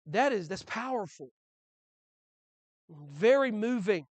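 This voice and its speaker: A man's voice: extremely high pitch, normal speed, no echo. Male pastor preaching in a dry room. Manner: conversational preaching with many restarts and rhetorical questions. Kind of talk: sermon.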